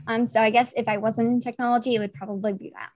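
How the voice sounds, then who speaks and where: A young woman guest in a podcast interview, cheerful, pausing often with ums. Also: fairly high pitch, flat delivery, a little mellow, dry recording. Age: young adult. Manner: cheerful, hesitant with many ums. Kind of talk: casual interview chat.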